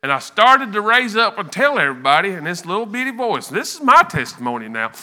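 A man giving an emotional church testimony, earnest and halting, often repeating words. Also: sits high, sing-song, pushed and bright.

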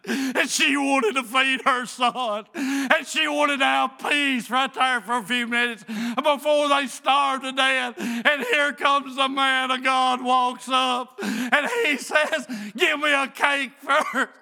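High, gravelly preacher man. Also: fairly even intonation, takes it slowly. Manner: fervent preaching, voice breaking into shouts. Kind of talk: sermon.

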